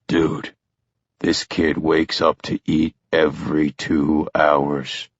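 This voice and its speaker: A man's voice: extremely low pitch, monotone, slow pace, breathy edge, no room sound, dull audio, voice pushed down, heavily acted. A man voicing a tired young new father who banters casually with his friend in an audiobook. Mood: easygoing. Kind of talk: audiobook character voice.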